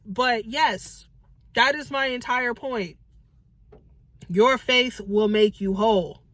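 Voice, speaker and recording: Animated woman teaching scripture. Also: a little high, takes it slowly, no echo. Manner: animated, acts out quoted voices, calls listeners baby and girls. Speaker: Christian teacher. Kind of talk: casual Bible teaching to women.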